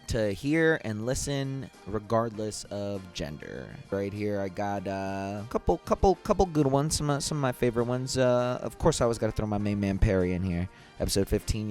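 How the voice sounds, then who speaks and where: A man's voice: on the low side, moderate pace, hardly any pauses, darkish tone, faint music behind. A man hosting a casual podcast clip show, talking in a loose, rambling way. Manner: loose, rambling, pleading asides. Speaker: podcast host.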